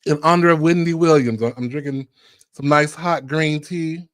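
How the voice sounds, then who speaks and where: A man's voice: a little high, normal speed, fairly bright tone, no room sound, clean studio sound. A man hosting a podcast in casual chat, sassy, flamboyant and playful. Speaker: podcast host.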